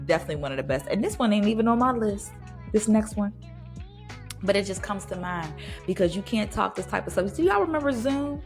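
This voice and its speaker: A woman's voice: medium pitch, lively intonation, fast, soft background music. A woman in her thirties hosting a podcast, chatting casually and laughing, often slipping into playful voices. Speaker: podcast host. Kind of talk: casual nostalgic podcast chat.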